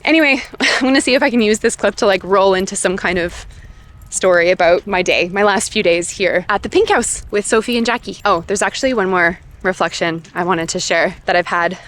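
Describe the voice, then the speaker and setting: A woman's voice: medium pitch, a bit bright. A woman chatting casually to the camera in a vlog, laughing often and filling her talk with "like". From Canada. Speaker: vlogger caring for senior pugs. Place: outdoors on a quiet new-build street.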